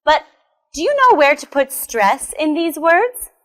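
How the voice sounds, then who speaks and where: Slow, lively American woman teacher. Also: high-pitched. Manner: slow, careful enunciation with repetition; encouraging, asks learners questions. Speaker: English pronunciation teacher. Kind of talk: pronunciation lesson.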